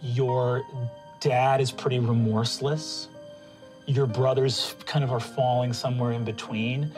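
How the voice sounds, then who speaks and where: A man's voice: mid-range voice, level tone, measured pace. A man narrating a tabletop game as game master, casual and profane with many fillers. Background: music.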